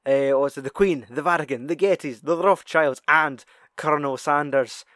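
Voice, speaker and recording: A man's voice: fairly high pitch, moderate pace, fairly bright tone, no echo, clean studio sound. A young man in casual chat, swearing often, laughing and acting out film quotes.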